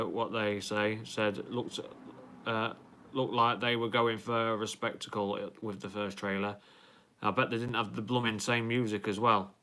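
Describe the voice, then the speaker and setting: A young man chats his way through a live stream, reading viewer comments aloud and rambling with plenty of ums and false starts. His voice is low, bright and smooth. He keeps an even, flat tone throughout. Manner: rambling, full of ums and restarts.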